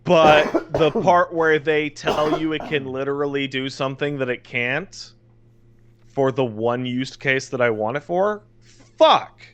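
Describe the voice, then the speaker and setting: A man's voice: mid-range voice, steady tone, a little slow, fairly bright tone, a little hiss or hum. A man co-hosting a casual podcast, telling stories animatedly, exasperated and swearing often. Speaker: podcast co-host.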